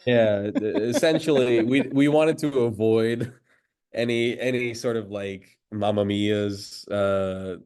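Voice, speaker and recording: A man's voice: fairly low pitch, fairly even intonation, takes it slowly, darkish tone, clean tone. A voice actor from the United States, a man, chatting in an interview with many fillers and restarts. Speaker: voice actor guest. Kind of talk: casual interview chat.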